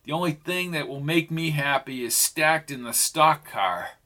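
A male narrator plays a ruthless outlaw in an audiobook western. He is curt and menacing, with a cold, scornful edge. His voice is slightly high and bright. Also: a little slow.

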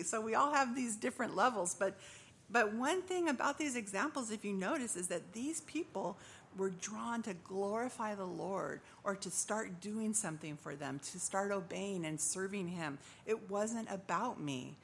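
Gravelly woman giving a church testimony. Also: medium pitch, normal speed, fairly bright tone, a little hiss or hum. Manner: earnest storytelling, acts out voices in quotes. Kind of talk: personal testimony.

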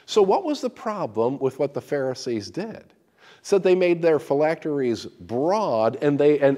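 A man preaching a sermon, explaining scripture with folksy stories, full of restarts and repeated words. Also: fairly high pitch. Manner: animated storytelling with repeated restarts.

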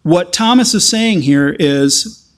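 In a high-pitched, expressive voice, a man delivers an earnest sermon, stopping and restarting often until he builds to emphatic moments.

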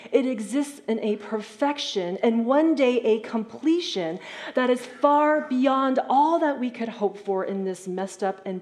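A woman's voice: a little high, darkish tone. Woman preaching in a conversational tone. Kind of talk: sermon.

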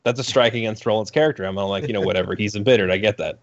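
A man's voice: lowish voice, rapid-fire. A man in casual podcast chat, ranting animatedly and swearing, slipping into mocking voices. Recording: dull lo-fi sound.

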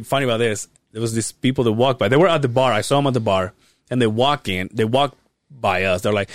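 A man's voice: mid-range voice, normal speed, dry recording, clean studio sound. A young man co-hosting a podcast, telling a long casual story full of swearing and quoted voices. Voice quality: profane, animated retelling with quoted voices. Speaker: podcast co-host.

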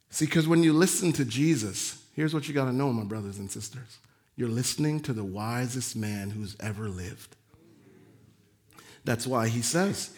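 A male pastor preaching a sermon, animated, acting out the voices he quotes and swinging from loud emphasis to quiet, soft asides. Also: medium pitch, a little slow.

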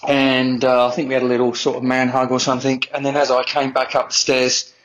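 A man's voice: medium pitch, monotone, fairly quick, muffled recording. A man telling a rambling, self-deprecating anecdote in a voice message he recorded as a fan. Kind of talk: storytelling anecdote.

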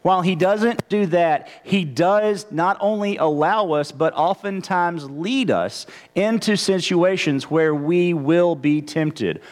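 A man's voice: sits high, takes it slowly, hardly any pauses. A male pastor preaching a conversational sermon, often stammering and restarting his phrases. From Texas, United States.

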